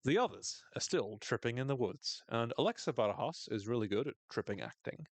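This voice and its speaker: A man with a medium-pitched voice recaps a TV episode on his podcast, talking fairly quickly with lively enthusiasm and casual swearing. He acts out quoted lines in shifting character voices, and the sound is close and dry with no echo.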